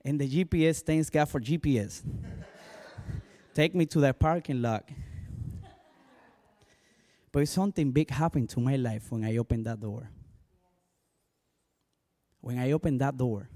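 A male pastor with a strong Spanish accent and Spanish as his first language, giving an animated personal testimony full of "you know" asides. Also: mid-range voice, a little slow, pauses often.

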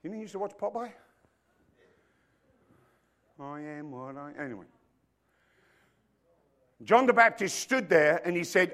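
A man with a very high-pitched voice preaching a sermon in a church hall. He builds to loud, emphatic declarations and then drops into quiet, joking asides. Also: expressive, a little slow, long pauses. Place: church hall with stage lights.

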